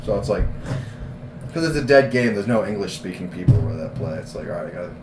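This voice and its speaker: A man's voice: low voice, fast, loud music behind the voice. Laughing, swearing man in echoey room. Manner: laughing often, swearing, animated storytelling. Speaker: podcast co-host. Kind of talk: casual chat. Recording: echoey room with background noise.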